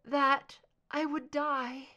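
A woman's voice: high voice, slow, voice pushed up. A woman voicing a frightened hypnotized agent. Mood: fearful. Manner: slurred, hesitant, shaky.

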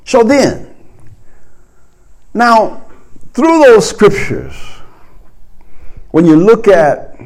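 A man preaching a sermon as pastor, swinging between loud calls and low murmurs.

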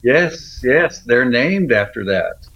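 A man's voice: mid-range voice, lively intonation, slow, fairly bright tone, highs cut off. A man hosting a casual radio chat, explaining science in plain words. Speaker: radio show host, doctor.

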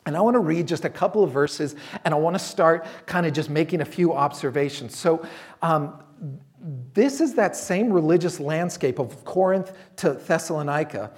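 A man's voice: fairly high pitch, lively intonation, normal speed, darkish tone. A man preaching a sermon as a pastor, conversational and storytelling, voicing quotes from people he talks about.

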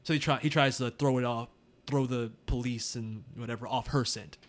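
A man's voice: medium pitch, steady tone, moderate pace. A man hosting a podcast, chatting casually about a movie, laughing often and talking loosely. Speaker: podcast host. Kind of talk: casual movie review chat.

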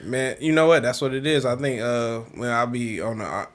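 A man with a Detroit accent trades loose, profane banter as a podcast co-host. His voice sits at a middle pitch, and he keeps laughing and mimicking people as he talks. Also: fairly quick. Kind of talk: casual chat.

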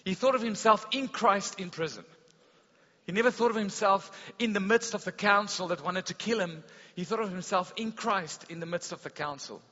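A man preaching a sermon at a church service, telling stories with a lively delivery that rises loud and drops to a hush. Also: sits high, moderate pace. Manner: animated storytelling preacher, swings between loud and hushed. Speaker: pastor. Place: school hall service. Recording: dull long-reverb hall sound.

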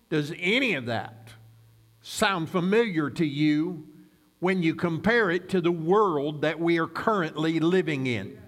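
A man preaching a sermon as pastor, praying and then reading Scripture with slow, deliberate emphasis. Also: sits high, fairly bright tone. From United States.

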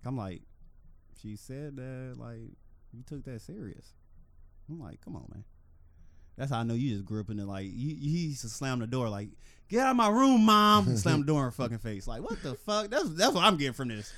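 A man co-hosting a podcast in casual banter, animated and laughing often as he acts out quotes. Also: medium pitch, a little fast. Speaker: podcast co-host.

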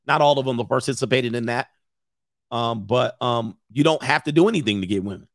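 A man's voice: medium pitch, brisk, no room sound, studio quality. A middle-aged man hosting a casual stream, reading viewer comments and giving blunt, rambling opinions.

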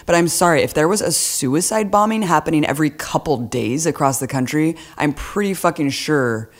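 A woman's voice: deep voice, moderate pace. Sarcastic woman co-hosting a podcast. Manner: sarcastic, animated mocking quotes. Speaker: podcast co-host. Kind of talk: casual political chat.

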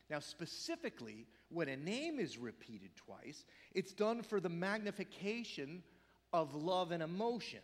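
A man preaching a sermon as pastor, swinging from loud emphatic peaks down to hushed, whispered quotes. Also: high-pitched, long reverb tail.

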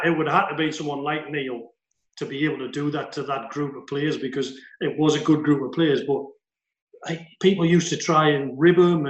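An enthusiastic former footballer fondly recalls good times at his club, his voice a touch higher than most men's. The room adds a noticeable echo around him. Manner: enthusiastic, fond. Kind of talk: casual reminiscing. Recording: roomy echo.

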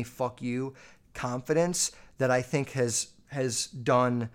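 A man hosting his own podcast, telling family stories in a loose, profane, filler-heavy way. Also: medium pitch. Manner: swears constantly, lots of fillers. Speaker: podcast host. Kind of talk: casual storytelling.

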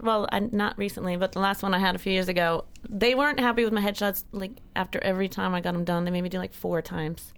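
A woman appearing as a guest comedian on a casual podcast, trading quick, wry comebacks. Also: medium pitch, steady tone.

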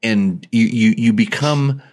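A man's voice: lowish voice, slow, a little mellow. A man hosting a casual podcast chat, talking with enthusiasm and frequent restarts. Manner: rambling, enthusiastic, many restarts. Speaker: show host.

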